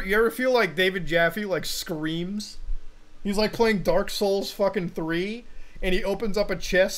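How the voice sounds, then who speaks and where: Excitable ranting young streamer, high voice. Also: male voice. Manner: profane, ranting, bursts into loud shouts and laughs. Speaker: streamer reacting to videos. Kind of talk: casual stream commentary.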